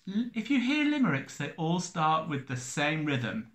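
Slow, lively teacher man, echoey room. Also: on the high side. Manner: slow, sing-song, counting out syllables and beats. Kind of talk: recorded classroom lesson.

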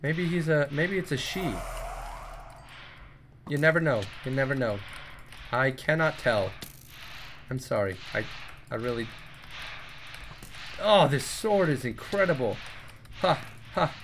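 A man commenting on his gameplay, jumpy and excitable, yelping and making sound effects in fights. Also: a little high, measured pace, pauses often, slight background noise. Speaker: let's play gamer.

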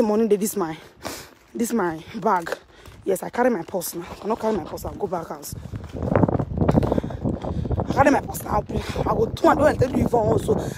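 A woman's voice: a little high, very noisy. A woman with a Nigerian Pidgin accent, ranting heatedly on a live stream from her phone out on the street, repeating herself as she goes. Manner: heated, repetitive, confrontational. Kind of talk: casual live-stream rant. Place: outdoors on a street.

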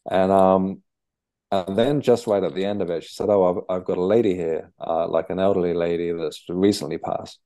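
A young man, a podcast guest, telling his story in a halting conversational way with many restarts. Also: sits low, fairly even intonation, mellow. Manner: halting, with frequent restarts and fillers.

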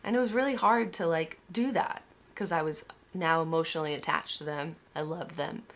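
Candid young woman vlogging, low-ish voice. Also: moderate pace. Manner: candid, swears, many restarts and "like". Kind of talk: emotional personal story vlog.

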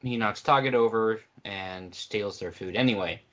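A man's voice: fairly low pitch, normal speed, fairly bright tone. A man co-hosting a book podcast in casual chat, sarcastic and fond of mocking the characters. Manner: sarcastic, mocks with put-on voices. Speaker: podcast co-host.

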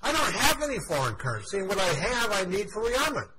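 A man lecturing voices a furious male government minister who berates a colleague with indignant rapid questions, over loud background noise. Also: medium pitch, lightly acted.

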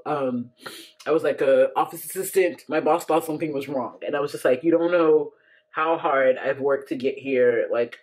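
A woman's voice: sits low, darkish tone. A woman in her thirties telling a personal story to camera in a chatty, casual way, full of fillers and frequent laughs. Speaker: vlogger.

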